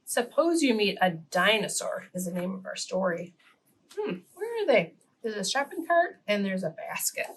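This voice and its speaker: Brief: a woman reading aloud at story time for little kids, with a fairly high voice, lively, quizzing her listeners. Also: a little hiss or hum. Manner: animated, questioning the listeners. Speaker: children's story reader. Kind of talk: reading a picture book aloud to preschoolers.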